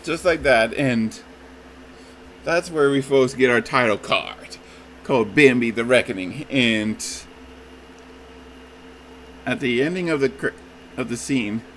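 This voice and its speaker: A man's voice: mid-range voice, slow pace, long pauses, fairly bright tone, slight background noise, poor audio. A man giving a casual, rambling review of a movie trailer, often calling his listeners "folks" and restarting his sentences. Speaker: YouTube reviewer.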